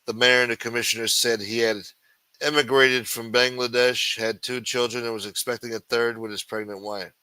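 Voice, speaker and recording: A man with a bright, forceful voice reads news stories aloud and tears into them with crude, mocking asides. His delivery is sarcastic and full of profanity. The sound is close and dry, with no room around it. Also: medium pitch, level tone, normal speed, clean tone, no echo, low-quality recording. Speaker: livestream show host. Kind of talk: reading news articles aloud with commentary.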